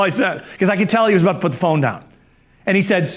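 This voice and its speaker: A male professional speaker recounting a personal story in an animated way. His voice sits high for a man. He acts out every line of dialogue and sounds amused by his own tale. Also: quick pace.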